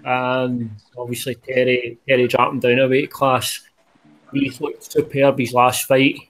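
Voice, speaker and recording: A man's voice: medium pitch, monotone, measured pace, a bit bright. A man on an MMA late show, weighing up fighters in a hesitant, analytical way with many fillers. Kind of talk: casual chat and fight analysis.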